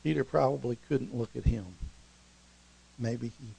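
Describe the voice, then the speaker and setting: A middle-aged man preaching a storytelling sermon, conversational and animated, and acting out scenes along the way. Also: mid-range voice, a little slow, gravelly, breathy edge, rough recording.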